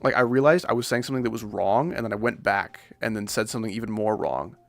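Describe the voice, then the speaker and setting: Guy streamer with a gravelly voice, jokey rambly gaming commentary, dry sound, faint music behind. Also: on the low side, quick pace, a bit bright, no room sound. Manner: rambling, jokey, self-deprecating.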